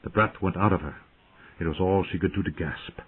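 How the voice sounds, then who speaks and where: Husky man narrating dramatically. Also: deep voice, fairly quick. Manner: lively, dramatic reading. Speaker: audiobook narrator. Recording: tinny phone-like audio.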